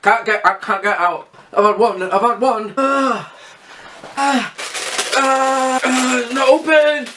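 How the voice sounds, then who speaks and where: A woman, groaning and pleading while in pain during a food challenge vlog. She talks very slowly in a middle-pitched voice. The mic sits at some distance, with faint background noise.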